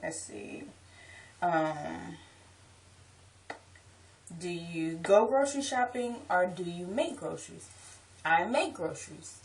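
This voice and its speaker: Chatty New Orleans woman, lowish voice. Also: sing-song, takes it slowly, vocal fry, long pauses, distant mic, rough recording. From Southeast Louisiana. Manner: chatty, explains with asides and restarts. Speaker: vlogger. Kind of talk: casual accent-tag vlog chat.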